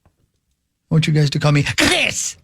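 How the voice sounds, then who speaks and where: A man bantering on a morning radio show, fond of repeating a line for laughs. His voice sits on the high side with a gravelly edge. The studio sound is dry and close. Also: lively intonation, normal speed, no room sound. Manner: playful, repeats bits for laughs. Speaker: radio co-host.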